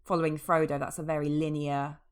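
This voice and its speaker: A deep-voiced woman co-hosts a casual podcast chat. She rambles with enthusiasm, drops half-finished sentences and circles back to her point. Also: level tone, fairly quick, clear, resonant tone. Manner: chatty, enthusiastic, trailing off mid-sentence. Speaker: podcast co-host.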